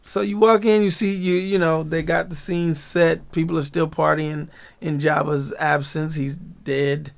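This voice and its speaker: Slow, gravelly man recapping a show. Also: fairly high pitch. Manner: animated, slangy, laughs often. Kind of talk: casual episode breakdown.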